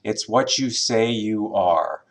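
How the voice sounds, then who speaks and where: A man teaching a recorded spiritual class as a minister, in a measured way with pauses and some filler words. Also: fairly low pitch, expressive, gravelly.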